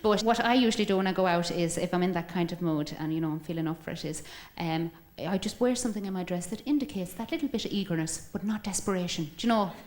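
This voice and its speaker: A woman's voice: lowish voice, quick pace, hardly any pauses, darkish tone. A woman bantering cheekily with a live theatre audience, laughing through bawdy lines. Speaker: comedy singer-host on stage. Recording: echoey live hall with crowd.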